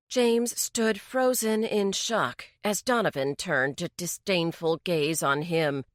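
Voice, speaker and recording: A woman narrating a mystery story in a slow, even storytelling delivery. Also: lowish voice, no room sound, clean studio sound. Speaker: audiobook narrator. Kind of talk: scripted narration.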